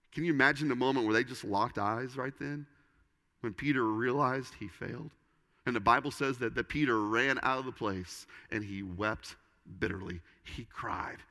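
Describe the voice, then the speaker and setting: A man preaching a sermon, swinging between loud emphasis and hushed, quiet lines. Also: mid-range voice, big-room sound. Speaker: pastor.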